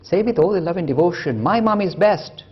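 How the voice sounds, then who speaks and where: A lecturer voicing a wise old man who calmly settles a fight between two boys. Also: high voice, brisk, slightly rough, lo-fi sound. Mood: calming.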